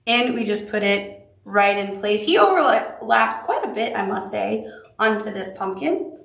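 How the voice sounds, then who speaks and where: A woman's voice: mid-range voice, expressive, measured pace, gravelly, a bit bright, roomy sound, far from the mic. A woman with a Southern accent leads a live quilting tutorial, chatty and upbeat, with cute little asides. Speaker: quilting instructor.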